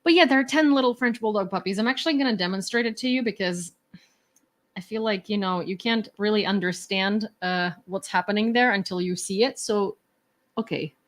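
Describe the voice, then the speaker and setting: A woman from Ukraine hosts a relaxed livestream, chatting to her viewers from home. She talks in a rambling, ironic way, full of fillers and restarts. Her voice sits at an ordinary middle pitch for a woman. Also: a little fast. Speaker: livestream host. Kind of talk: casual livestream chat with viewers.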